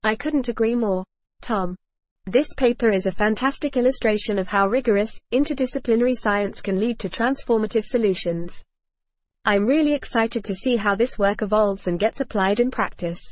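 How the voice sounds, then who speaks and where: A woman's voice: fairly high pitch, normal speed, no echo. Upbeat synthetic female podcast co-host. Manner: polished, upbeat synthetic delivery. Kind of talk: scripted podcast discussion.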